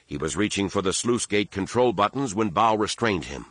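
A man narrating an audiobook in a steady, measured storytelling manner. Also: lowish voice, no echo. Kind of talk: scripted narration.

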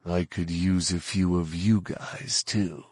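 A man's voice: low-pitched, steady tone, takes it slowly, darkish tone, husky, no echo, full character voice. A man voicing a blunt male armored bounty hunter who talks in a curt, dry, sardonic way.

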